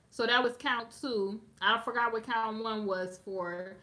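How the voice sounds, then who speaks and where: A woman's voice: fairly high pitch, steady tone, measured pace, hardly any pauses, bright, forceful tone. A woman giving sassy, emphatic gossip commentary on a live stream, talking straight to her viewers in a slangy, casual way.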